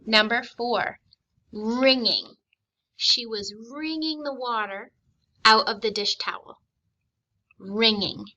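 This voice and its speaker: A woman teacher giving a recorded spelling and grammar lesson, reading words and sentences slowly and clearly, patient and encouraging. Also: on the high side, pushed and bright, dull audio. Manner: slow, clearly enunciated dictation, patient and encouraging.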